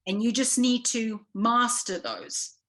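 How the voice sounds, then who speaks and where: A woman's voice: fairly high pitch, takes it slowly, a bit bright. A woman with a Serbian accent, a casting director speaking frankly in an interview, with many fillers and restarts. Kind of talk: interview conversation.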